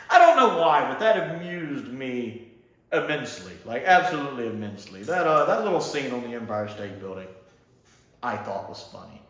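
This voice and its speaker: Animated chatty man in an echoey room. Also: a little high. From Mississippi. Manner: animated and chatty, laughs often, does mocking voices. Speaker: reviewer. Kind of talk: casual review commentary.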